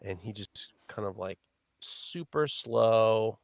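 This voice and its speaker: A man co-hosting a live podcast, telling a funny story in casual, animated chat. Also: slow pace, gravelly, dry recording, studio quality. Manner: animated storyteller, rising pitch when excited. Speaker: podcast co-host.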